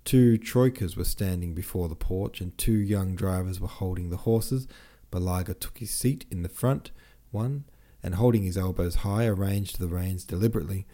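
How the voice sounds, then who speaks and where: A man reads a classic novel aloud for his audiobook podcast, keeping a steady, measured delivery. He has a low, mellow voice that stays unhurried and even.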